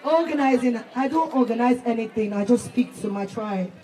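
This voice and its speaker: A man's voice: very high voice, normal speed, heavy background noise. A man giving an emotional, laughing rally speech as a protest organizer at an outdoor street protest. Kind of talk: rally speech through a crowd. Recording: outdoor protest with crowd behind.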